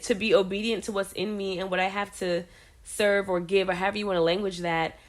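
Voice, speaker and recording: A middle-aged woman in an easygoing chat, thinking out loud with lots of restarts. She sounds animated and open, with a mid-range voice. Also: mid-range voice, fairly quick. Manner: expressive, reflective, many restarts. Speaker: podcast co-host. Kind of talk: casual chat.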